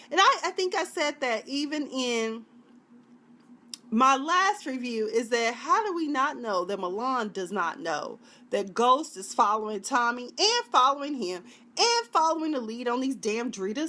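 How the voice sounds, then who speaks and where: A woman's voice: on the high side, sing-song, moderate pace, sharp tone. A woman reviewing a TV drama in a chatty, dramatic way, now and then acting out the scenes in put-on voices. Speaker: TV show reviewer. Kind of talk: casual video review.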